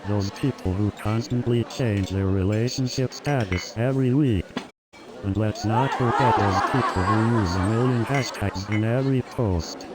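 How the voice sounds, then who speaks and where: Male synthetic stand-up comic, slightly low voice, stock joke setups, loud music underneath. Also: moderate pace, over a noisy crowd. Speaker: stand-up comedian. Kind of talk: stand-up comedy routine. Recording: loud music and laugh track behind. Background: loud music and audience laughter.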